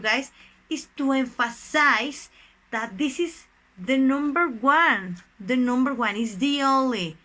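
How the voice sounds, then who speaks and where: Her high-pitched, sharp voice comes through a rough recording as she gives an online English grammar lesson. A young native Spanish speaker with a Mexican accent, she explains things slowly and with care, often addressing the class as "guys."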